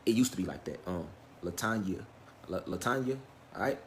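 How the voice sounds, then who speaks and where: A man's voice: low voice, expressive, brisk, slight background noise. A man giving a casual livestream lecture, talking straight to his viewers. He swears often, asks them questions, and keeps stressing his points with "facts" and "all right?". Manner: profane, emphatic, repeats "facts" and "all right". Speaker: online lecture host.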